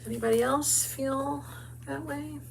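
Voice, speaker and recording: A woman's voice: high voice, fairly even intonation, measured pace, vocal fry, slight background noise. A middle-aged woman from the United States hosting a crafts video, chatting upbeat with viewers while she works. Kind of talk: casual crafting talk and promo.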